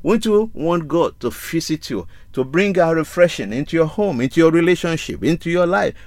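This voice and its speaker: A man delivering a sermon in a fairly high voice, building his points through repetition and rhetorical questions. The sound is dry and close, with no room echo. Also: expressive, moderate pace, darkish tone. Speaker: preacher.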